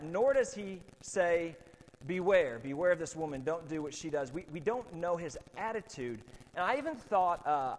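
A man preaching a sermon as pastor, in a relaxed, conversational way with lots of fillers. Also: on the high side, big-room sound, slight background noise.

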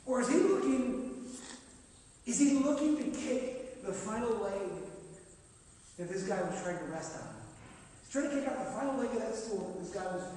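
A man preaching a sermon as a pastor, animated, acting out the dialogue and swinging between loud and quiet. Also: high voice, normal speed, long pauses. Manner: animated, acts out dialogue, rising and dropping volume. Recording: echoey hall, mic from far off.

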